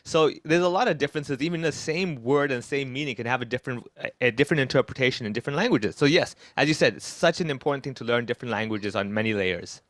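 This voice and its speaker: A man in his thirties, a comedian giving lively conversational interview answers and acting out quoted voices. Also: fast talker, few pauses, no room sound. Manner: animated, acts out quoted voices with big pitch jumps. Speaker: comedian guest. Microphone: video call.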